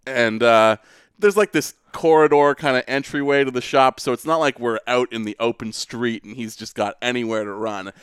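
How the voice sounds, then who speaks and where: A man co-hosts a podcast and tells a rambling, animated story in casual chat. His voice is smooth and resonant at a middle pitch. The sound is dry and close, with no room echo. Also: normal speed. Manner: rambling, animated anecdote with filler words. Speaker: podcast co-host.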